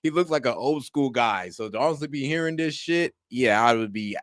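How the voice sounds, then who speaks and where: A man streaming casual reaction commentary, talking in lively slang and mimicking what he hears. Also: mid-range voice, a little fast, no echo, studio quality. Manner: animated slangy talk, mimics voices.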